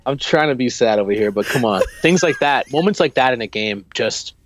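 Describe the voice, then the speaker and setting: A man co-hosting a casual football podcast, talking in an animated, rambling way with many restarts. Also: medium pitch, a little fast, slight background noise. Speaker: podcast co-host.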